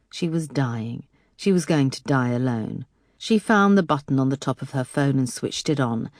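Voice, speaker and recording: A woman narrating a detective thriller audiobook in a measured, dramatic way. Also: very deep voice, a little mellow, dry recording, clean studio sound.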